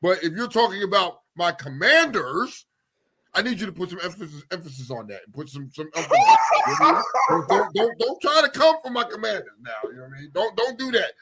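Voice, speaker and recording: A man from New York City co-hosting a radio talk show, bantering in an animated, slangy way and cutting in to tease his co-host. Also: high voice, fast, hardly any pauses, shouting, a little hiss or hum. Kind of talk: casual banter.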